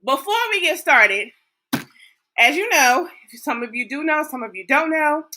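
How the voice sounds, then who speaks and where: A woman's voice: sits high, lively intonation, a little slow, bright, forceful tone, a little hiss or hum. A middle-aged woman host, chatting folksily and talking straight to her viewers. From Texas. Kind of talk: casual livestream chat.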